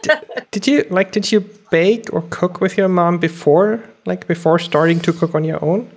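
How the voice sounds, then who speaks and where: A woman's voice: lowish voice, normal speed, a little mellow. A woman hosting an interview, asking questions casually with a lot of "like"s and brief affirmations. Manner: asks questions loosely, with many "like"s. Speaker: podcast host.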